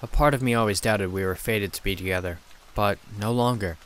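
A man narrating a scary story in a steady, dramatic storytelling manner. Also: fairly low pitch, fairly quick, a little hiss or hum. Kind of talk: scripted horror narration.

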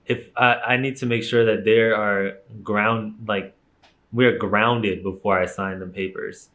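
A man's voice: lowish voice, steady tone, measured pace, a bit bright. A young man telling a personal story straight to camera in a casual vlog, candid and emphatic, swearing freely. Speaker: YouTuber.

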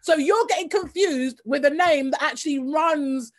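A woman's voice: high voice, normal speed, noisy background. A woman hosting a casual interview, talking in an emphatic, conversational way and laughing easily. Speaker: host.

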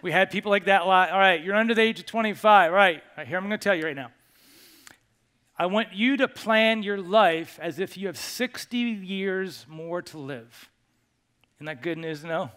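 A male pastor giving a sermon to his congregation in a church, animated and joking as he coaxes them along. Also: high voice, normal speed, clean tone. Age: over 25. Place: church sanctuary.

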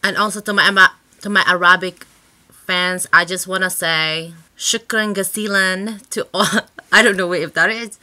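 A woman's voice: fairly low pitch, steady tone, normal speed, pushed and bright. A woman hosting her own channel in a casual vlog chat, rambling and sassy, swearing freely with lots of filler words. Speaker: channel host.

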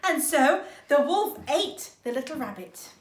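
A young woman reading a picture book aloud to children at home, playful and expressive, voicing the characters. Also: sits high, measured pace. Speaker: children's story reader. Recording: roomy echo.

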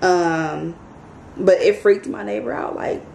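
A woman vlogger telling a story to her viewers in a casual, animated, chatty way. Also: fairly low pitch, takes it slowly, gravelly. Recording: echoey room, faint background noise.

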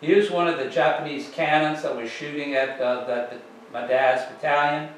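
A man giving a slide presentation to an audience, telling it in an unhurried, folksy way with plenty of fillers. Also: a little high, steady tone, a little hiss or hum. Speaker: author giving a library talk. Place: public library meeting room. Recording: roomy, distant mic with faint ambience.

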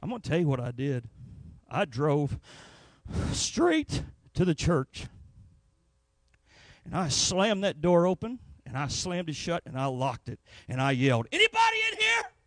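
A man's voice: a little high, big pitch swings, measured pace, no echo. A man preaching a sermon in a church, telling a personal story. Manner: storytelling, rising to anguished shouts. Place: church sanctuary.

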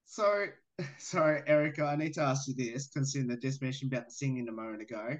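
Talking fast at a medium pitch, this radio interviewer puts friendly questions to athletes on a video call, laughing in between.

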